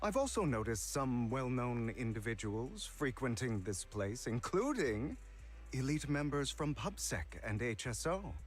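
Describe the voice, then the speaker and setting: An actor playing a suave, mysterious male collector, speaking in smooth, courtly, flattering game dialogue. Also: mid-range voice, unhurried, faint music behind.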